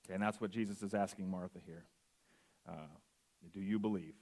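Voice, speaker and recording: A man's voice: deep voice, fairly even intonation, brisk, a little mellow. A man in his forties, a guest preacher, reading scripture earnestly and then sharing a personal testimony. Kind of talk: sermon.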